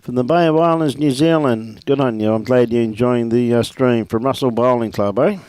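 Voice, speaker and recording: Easygoing Australian bloke calling a bowls game, friendly shout-outs, dry close mic. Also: male voice, medium pitch, normal speed, clear, resonant tone, dry recording. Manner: laid-back, chatty, greets viewers by name. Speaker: lawn bowls commentator. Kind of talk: live sports commentary with viewer shout-outs.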